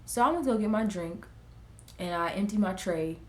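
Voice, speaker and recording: In an echoey room, a young woman vlogger chats casually during a get-ready-with-me video, speaking at medium pitch and a moderate pace. She's animated, acting out her family members' lines in quotes as she tells the story.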